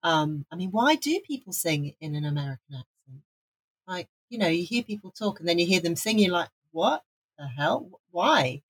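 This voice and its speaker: A woman with a somewhat low, husky voice talks about music as a podcast co-host. She is chatty and opinionated, often correcting herself mid-sentence. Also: animated, fairly quick. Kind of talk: casual music review chat.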